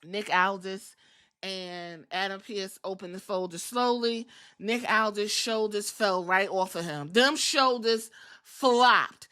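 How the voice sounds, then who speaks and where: A woman's voice: mid-range voice, bright, forceful tone. A woman hosting a podcast, giving a casual, profane and sassy recap with blunt asides. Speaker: podcast host. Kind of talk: casual wrestling show recap.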